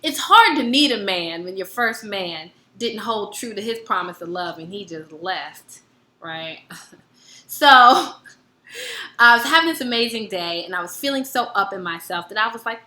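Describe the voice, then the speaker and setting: A woman's voice: medium pitch, unhurried, roomy sound. A woman giving a casual wellness lesson, telling personal stories and acting out both sides of conversations. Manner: animated, acts out both sides of dialogues. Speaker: wellness educator.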